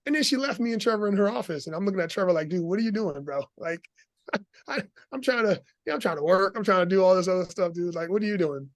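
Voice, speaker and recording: A middle-aged man as an interview guest, telling his story in an animated, laughing way. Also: sits high, fast talker, no room sound.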